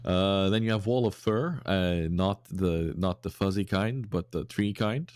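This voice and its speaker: A man's voice: deep voice, unhurried, a little mellow, clean tone, no room sound, clean studio sound. A man co-hosting a podcast in casual chat, reading out listener submissions with lots of fillers and restarts. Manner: rambling with many fillers, breaks into silly voices.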